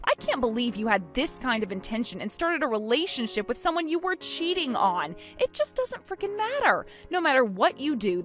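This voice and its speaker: A woman narrating a dramatic story, expressive and indignant. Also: fairly high pitch.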